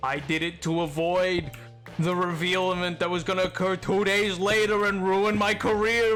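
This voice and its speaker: A man's voice: high voice, fairly bright tone. A man streaming a game, chatting casually and rambling off on tangents, often breaking into laughter. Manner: rambling and digressive, quick to laugh. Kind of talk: casual live-stream chat while gaming.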